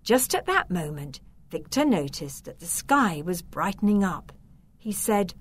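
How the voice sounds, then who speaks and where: A woman narrating a children's story in a measured, expressive way. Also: lowish voice, slightly rough.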